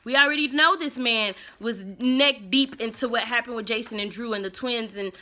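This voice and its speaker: A woman's voice: a little high, normal speed, sharp tone. A woman casually recapping and commenting on a soap opera episode, chatty and opinionated, acting out the characters' lines as she goes.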